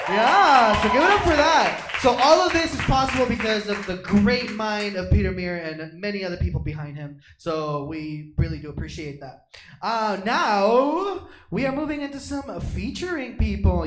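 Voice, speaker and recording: High-voiced playful comedy club host. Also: male voice, animated, moderate pace, noisy background. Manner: loud, playful, sing-song introductions. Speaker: stand-up comedy show host. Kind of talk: live comedy club hosting. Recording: echoey club room with music.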